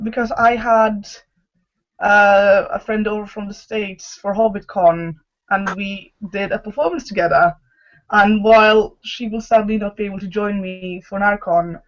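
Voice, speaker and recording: Chatty woman on a dull call line. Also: medium pitch. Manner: chatty, explains at length with many ums. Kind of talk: casual chat over a video call. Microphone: video call.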